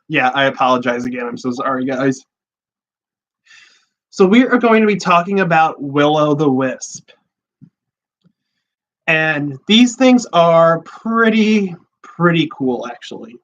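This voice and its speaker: A man's voice: on the high side, fairly bright tone. A man hosting a casual livestream, talking in a chatty, rambling way with many fillers. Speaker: podcast host. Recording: dull lo-fi sound.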